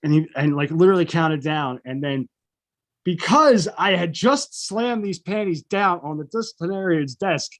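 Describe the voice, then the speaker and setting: A middle-aged podcast co-host tells a profane story in casual chat, acting out the people in it. His voice is on the high side, and he speaks at a moderate pace.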